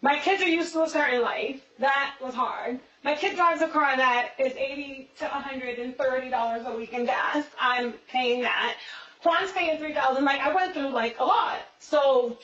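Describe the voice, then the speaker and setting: Woman, fairly high voice, rapid profane venting, far from mic, echoey interview room, muffled hidden-camera audio. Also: a bit bright. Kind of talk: casual storytelling.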